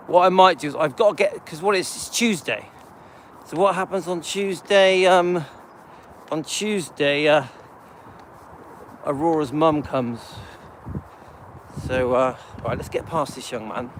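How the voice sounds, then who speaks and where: A man's voice: a little high, slight background noise. A middle-aged man, chatting casually to his viewers on a live stream while he walks his dog along a street, rambling with loose asides and many ums. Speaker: channel host. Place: outdoors on a residential street, walking a dog.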